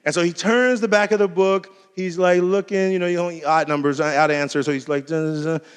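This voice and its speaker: A keynote speaker with a high, brisk, clear and resonant voice tells a personal story casually and conversationally. He is animated, acting out the dialogue in different voices, and a long hall reverb trails his words.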